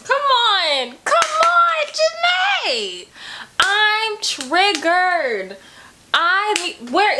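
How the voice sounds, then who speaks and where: High bright voiced woman reacting to music in her bedroom, emotional, cussing a lot. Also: slight background noise. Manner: emotional, gushing, profane, animated. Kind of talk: casual reaction commentary.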